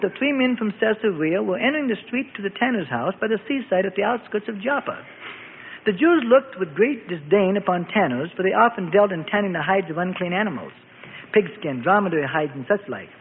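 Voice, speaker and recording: A man narrating a scripted Bible story for radio in a steady, descriptive manner. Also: high-pitched, slight background noise. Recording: tinny phone-like radio recording with reverb.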